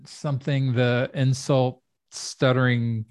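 A man's voice: medium pitch, level tone, takes it slowly, a little mellow, no echo, clean studio sound. A man who works as a comedy producer, chatting casually on a podcast and telling rambling stories with asides.

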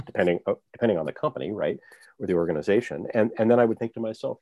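A man with a very low, mellow voice, reflecting aloud as an interview guest. He works through his points with examples. The sound is dry and close to the mic. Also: fast, no room sound. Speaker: author, guest. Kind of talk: conversational interview.

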